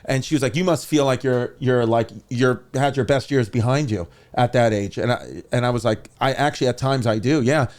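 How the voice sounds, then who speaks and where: A man in his thirties with a New York accent, a comedian telling a rambling, animated story in casual podcast chat. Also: mid-range voice, fairly quick, few pauses. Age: 30s. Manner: rambling, animated, many restarts and fillers.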